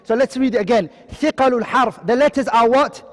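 High-voiced male tajweed teacher quizzing. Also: fairly bright tone, long reverb tail. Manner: quizzing, asks and answers his own questions; recites Arabic terms quickly, then explains in English. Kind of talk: online lesson.

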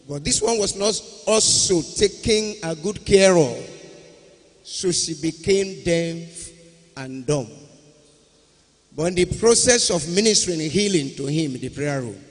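A man with a Nigerian accent, a pastor presenting a testimony to a congregation in a slow, patient, coaxing way. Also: high-pitched. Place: large church convention hall. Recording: echoey hall with long reverb.

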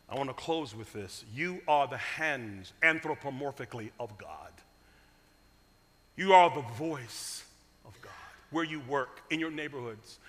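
Guest preacher, high lively voice, unhurried, church sanctuary echo. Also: male voice. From Cleveland, USA. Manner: humorous then solemn, dramatic swings from loud to hushed. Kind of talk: storytelling sermon. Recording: long reverb of a church sanctuary.

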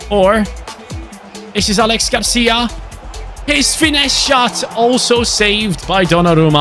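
Excitable young man commentating a football game. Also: high-pitched, slow pace, long pauses, soft background music. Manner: excitable, swings from grumbling to shouting. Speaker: gaming YouTuber. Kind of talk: gameplay commentary.

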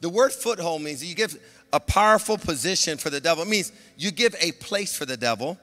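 A man preaching a sermon in a high, bright voice, moving between loud exhortation and quiet confiding talk. His voice rings out with the long reverb of a large hall. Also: animated, fairly quick. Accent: Southern Californian. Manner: swings from shouting to a soft, low confiding tone. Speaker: pastor.

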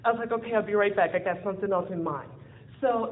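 A woman speaker at a live event, telling a personal story in an animated way, acting out the dialogue and laughing often. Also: mid-range voice, fairly quick, crowd noise. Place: event venue in front of an audience. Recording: tinny phone-like lo-fi audio with faint hiss.

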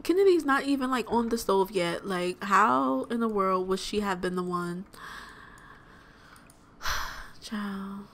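A woman's voice: mid-range voice, lively intonation, slow pace, long pauses, fairly bright tone. A young woman hosting a let's play, giving chatty, exclamatory gameplay commentary straight to her viewers.

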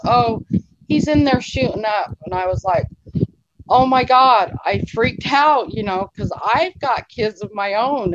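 In a casual interview, a female guest rambles emotionally through a personal anecdote, voicing what others said to her. Her pitch is medium, and the recording is muffled with a slight hiss or hum.

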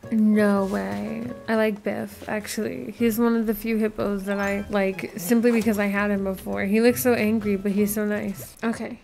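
A woman's voice: medium pitch, level tone, normal speed, gravelly, few pauses, darkish tone. A young woman giving casual game commentary, blunt and dramatic, with frequent swearing. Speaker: gaming vlogger. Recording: faint music behind.

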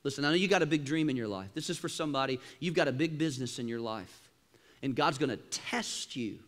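A man preaching a sermon in a church, animated, with sudden loud bursts and quieter asides. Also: medium pitch, fast talker. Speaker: pastor. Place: church auditorium.

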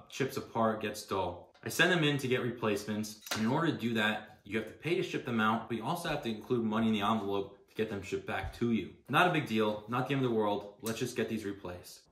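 A man's voice: on the low side, fairly bright tone, roomy sound. A man telling an aggrieved, exasperated story about a bad customer experience, speaking casually. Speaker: customer posting a complaint video. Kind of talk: casual spoken complaint.

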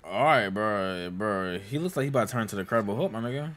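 A young man hosting a casual movie reaction, excitable and slangy, laughing and swearing as he talks to viewers. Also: on the low side, quick pace. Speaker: reaction host.

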